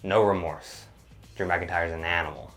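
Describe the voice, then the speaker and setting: A man's voice: low voice, fairly even intonation, normal speed, fairly bright tone, soft background music. A man co-hosting a casual recap chat, laid-back with chuckling asides. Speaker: podcast co-host.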